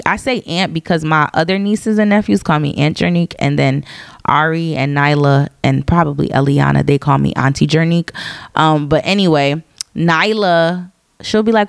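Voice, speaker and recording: Gravelly-voiced woman rambling on a podcast. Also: sits low, moderate pace, dry recording, clean studio sound. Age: 30s. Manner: rambling, chatty, self-interrupting. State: tired. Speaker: podcast host; high school teacher. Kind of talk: casual solo podcast monologue.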